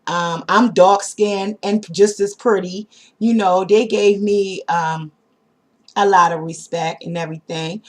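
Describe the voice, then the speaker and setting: Woman, storytime vlogger, casual, slangy, animated, mid-pitched voice. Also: a little slow. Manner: animated, slangy, speaks directly to viewers.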